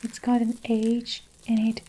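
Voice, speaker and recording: A woman voicing a small, nervous schoolboy in a whispered role-play, raising her voice higher for him. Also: monotone, warm tone, slight background noise, lightly acted, rough recording. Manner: nervous, quick answers.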